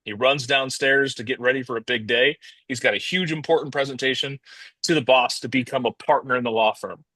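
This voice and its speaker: A man's voice: medium pitch, fairly even intonation, a little fast, pushed and bright, dry recording. A man telling a motivational story in a casual, rambling way, often restarting and calling his listeners guys.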